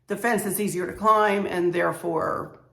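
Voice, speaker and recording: A woman with a Southern American accent and a hoarse, strained voice, chatting casually to camera as a home decor vlogger, rambling with many fillers. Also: on the low side, steady tone, moderate pace, a bit bright, echoey room.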